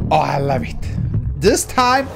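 A man giving let's play commentary, excitable and profane, yelling at the game. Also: high voice, gravelly. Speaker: gamer. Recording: with game music behind. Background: game music.

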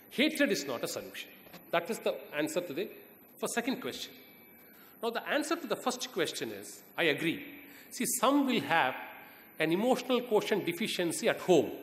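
Guest lecturer, man, Indian English accent, exhorts students with deliberate pauses; lively high voice, roomy hall sound. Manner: earnest, exhorting, pauses for emphasis. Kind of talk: university lecture answering student questions. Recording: echoey hall reverb.

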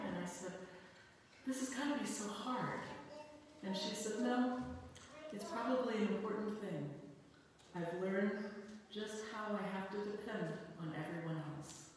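A woman pastor giving a sermon, telling a personal story in a conversational, animated way. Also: on the low side, slight background noise. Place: church sanctuary. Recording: echoey church hall from far off.

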